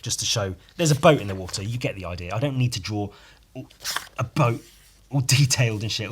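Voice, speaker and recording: A man with a lowish voice talks on his own in a loose, rambling way, tossing in swear words and jokes at his own expense. His tone is dry and sardonic, in a casual solo-podcast style. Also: a little hiss or hum. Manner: sardonic, rambling, swears freely, self-mocking asides. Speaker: podcast host.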